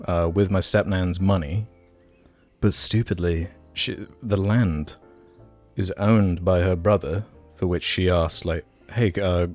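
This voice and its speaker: Low-voiced man telling rambling stories. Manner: rambling storyteller, many fillers and restarts. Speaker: podcast co-host. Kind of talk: casual chat.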